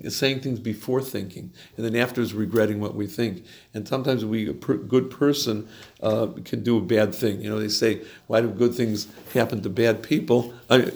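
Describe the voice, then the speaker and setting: A man teaching an informal Torah class in a chatty, digressive way, chuckling now and then. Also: medium pitch.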